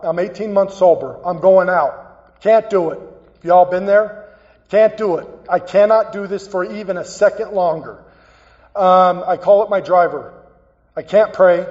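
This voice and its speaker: A man giving a personal, earnest recovery talk as a guest speaker, halting and repeating phrases as he tells his story. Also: sits high, a little mellow. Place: meeting hall. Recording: dull, echoey hall recording.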